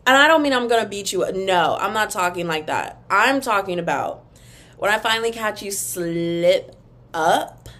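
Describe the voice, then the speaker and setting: A young woman hosting a casual solo podcast, ranting in an animated, emphatic, rambling way, and now and then breaking into a taunting sing-song chant. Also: mid-range voice, unhurried. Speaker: podcast host.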